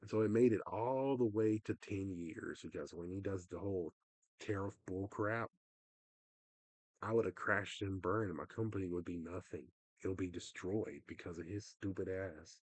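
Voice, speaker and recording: A man's voice: low voice, normal speed, a little mellow, no room sound. A young man livestreaming, talking in a rambling, frustrated way that often trails off. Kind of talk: casual livestream rant.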